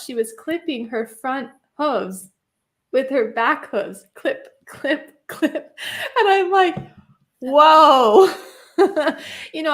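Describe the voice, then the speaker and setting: Chatty woman telling a story. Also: on the high side. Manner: chatty, laughs often, lots of fillers. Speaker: guest. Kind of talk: casual storytelling.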